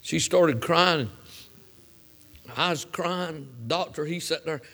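Folksy preacher, bright high voice. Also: male voice, slow pace. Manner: folksy, rising to fervent preaching. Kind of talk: storytelling sermon.

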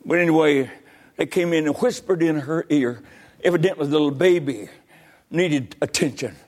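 Older preacher, high voice. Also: male voice, normal speed. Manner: folksy storytelling, bursts into loud exclamations. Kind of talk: sermon.

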